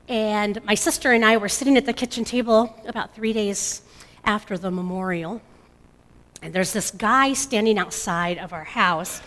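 A middle-aged mother giving an emotional personal testimony, halting and restarting often. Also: medium pitch, fairly bright tone. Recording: long hall reverb.

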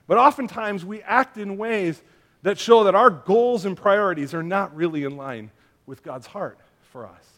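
A man with a fairly high voice preaching a sermon. He talks in a loose, conversational way, full of fillers and asides, and he mixes humor from family stories into his teaching. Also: a bit bright. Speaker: pastor.

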